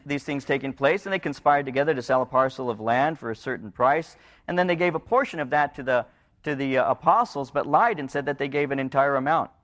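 A male preacher with a fairly high voice delivers a sermon. He speaks earnestly, lifting his voice for pleas and dropping it low for stern replies. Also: a bit bright. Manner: earnest, rising and dropping pitch to act out quoted voices.

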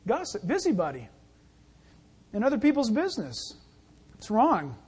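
A male pastor delivering a sermon in a folksy, conversational manner. His voice sits high and sounds somewhat husky. He slips easily into little acted asides. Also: wildly swooping pitch, moderate pace, a little mellow.

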